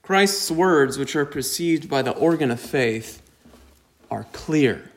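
A man preaching a sermon, slow and deliberate, with emphatic rises on key points. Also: a little high, lively intonation. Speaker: pastor.

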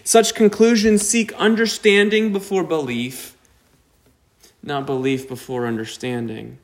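A man preaching a sermon, slow and deliberate, with emphatic rises on key points. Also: a little high, flat delivery. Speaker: pastor.

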